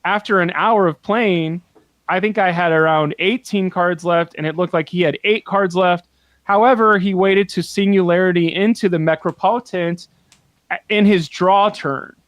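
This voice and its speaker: Guy on a podcast, high-ish voice, super animated storytelling, swears a bunch, dry close mic. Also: normal speed, no room sound. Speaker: podcast co-host. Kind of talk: casual podcast chat.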